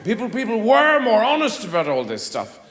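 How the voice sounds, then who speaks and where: A man's voice: sits high, wildly swooping pitch, brisk, a bit bright, echoey room, some chatter behind. An Irish man from Ireland doing a stand-up routine on a theater stage, rambling with sardonic, mock-exasperated asides. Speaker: stand-up comedian.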